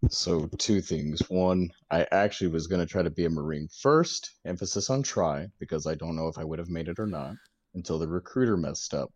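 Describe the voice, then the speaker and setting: A man's voice: deep voice, expressive, fairly quick, darkish tone, breathy edge, no echo. A man guest on a casual chat show who speaks in a dry, matter-of-fact way. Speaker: guest, Navy veteran.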